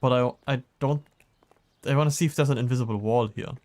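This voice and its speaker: A man playing a video game on stream, talking casually and laughing often between lines. His voice sits at a middle pitch, neither low nor high, and he chats in a loose, easygoing way. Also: a little fast, darkish tone. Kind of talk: casual gameplay chat.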